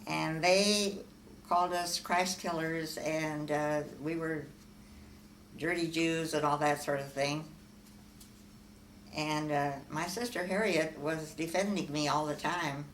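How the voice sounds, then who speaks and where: Older low-voiced woman, far-off echoey room. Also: fairly even intonation. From Omaha, Nebraska. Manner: unhurried storytelling with frequent fillers and soft laughs. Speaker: oral history interviewee. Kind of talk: oral history reminiscence. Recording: echoey room, far from mic, faint hiss.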